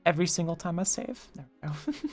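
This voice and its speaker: A woman's voice: lowish voice, big pitch swings, brisk, a little mellow. A woman streamer chatting casually, reading chat aloud, with lots of fillers and restarts. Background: faint background music.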